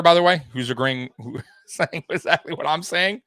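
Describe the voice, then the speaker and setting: A young man hosting a live sports stream, talking straight to his viewers in an animated, repetitive way with plenty of swearing. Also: on the high side, normal speed, no echo. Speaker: sports livestream host. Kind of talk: live postgame commentary to viewers.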